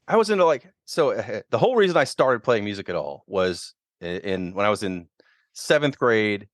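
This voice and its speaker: A man's voice: fairly low pitch, normal speed, no room sound, clean studio sound. A man, telling stories as a guest on a casual podcast chat and acting out quotes as he goes. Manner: animated storyteller, acts out quotes. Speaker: guest musician.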